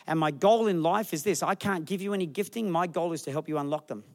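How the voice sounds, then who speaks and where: A man preaching a lively sermon in a church, acting out people with funny voices. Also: on the high side, fast talker. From Australia. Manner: animated, acts out people in the crowd with funny voices. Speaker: pastor.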